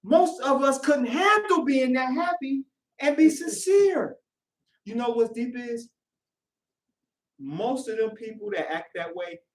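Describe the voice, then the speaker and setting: Animated preacher man in an echoey hall. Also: high voice. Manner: animated, acts out congregants in quoted voices, shouting at times. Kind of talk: sermon. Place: worship hall. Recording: echoey room, voice from a distance.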